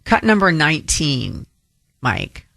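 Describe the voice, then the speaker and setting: A man's voice: on the high side, big pitch swings, slow pace, creaky, bright, forceful tone, dry recording, clean studio sound. A man filling in as a talk radio host, speaking in a rambling monologue with frequent restarts.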